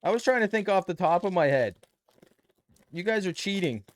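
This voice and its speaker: Building a model kit live on stream, this Canadian-accented man trades easygoing, playful banter with his chat. His voice is high and animated, moving at a normal speed.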